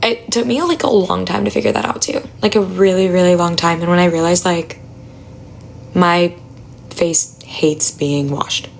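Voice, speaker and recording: A young woman chatting on a phone livestream at home, talking quietly with a raspy, gravelly voice, blunt and chatty. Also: on the low side, steady tone, moderate pace, a little hiss or hum, rough recording. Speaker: livestreamer answering chat. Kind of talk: casual live stream chat. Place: home apartment at night.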